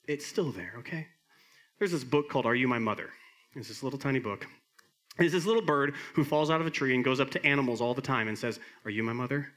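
A middle-aged man preaching a sermon as pastor, earnest, swinging from emphatic peaks to soft quiet lines. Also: mid-range voice.

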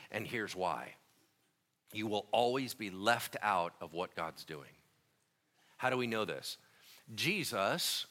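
Lively, bright-voiced male preacher. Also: lowish voice. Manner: animated, conversational, slangy preaching; swings between quiet and loud emphatic stretches. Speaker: pastor. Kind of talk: sermon.

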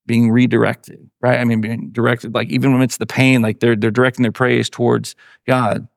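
A man's voice: medium pitch, little pitch movement, normal speed, vocal fry, no echo, clean studio sound. Earnest male pastor preaching. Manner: earnest, conversational, with restarts. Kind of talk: sermon.

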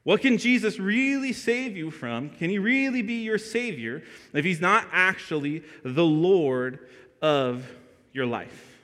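A young adult man preaching a sermon as a pastor, telling a story with lively energy and asking the congregation questions. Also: high voice, takes it slowly. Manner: animated storytelling, asks the room questions. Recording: long reverb of a church hall.

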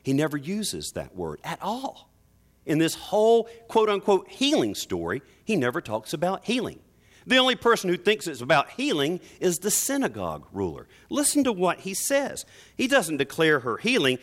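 A man preaching a sermon, moving between soft explanation and emphatic stresses. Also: fairly high pitch, wildly swooping pitch, moderate pace. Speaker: pastor.

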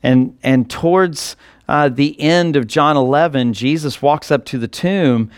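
Earnest higher-voiced male pastor. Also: measured pace, smooth, no echo, studio quality. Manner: earnest, building to emphatic. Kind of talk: sermon.

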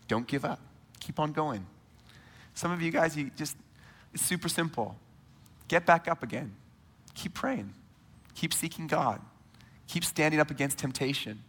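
A man in his thirties preaching a sermon to a church congregation in a conversational, animated way, speaking straight to his listeners. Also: medium pitch, breathy edge, in a large hall. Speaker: pastor. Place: church sanctuary.

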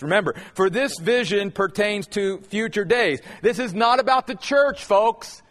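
High-voiced preaching pastor in a hall. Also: male voice, fairly bright tone. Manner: earnest preaching, slows down to stress key words. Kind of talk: sermon.

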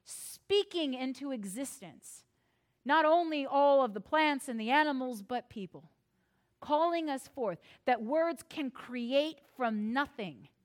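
A woman from the United States preaches with a high, bright-sounding voice. She is expressive and playful, dropping in wry self-deprecating asides and acting out little quoted exchanges. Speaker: pastor. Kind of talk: sermon.

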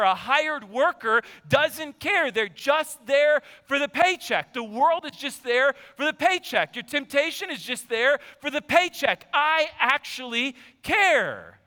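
A man in his thirties preaching a sermon, his voice pitched very high with a bright, forceful edge. He drops into low, quick asides, then climbs to shouted emphasis. A long church-hall reverb trails behind his words. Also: animated. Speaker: pastor. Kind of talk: sermon with personal story. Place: church sanctuary.

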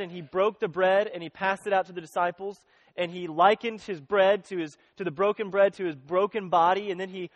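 A man's voice: high-pitched, no echo. A man preaching a sermon in an earnest, conversational way, often restarting his sentences. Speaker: pastor.

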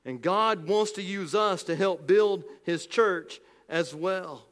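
A male pastor preaching a sermon with emphasis, slowing down and dropping low on key phrases. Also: fairly bright tone, long reverb tail.

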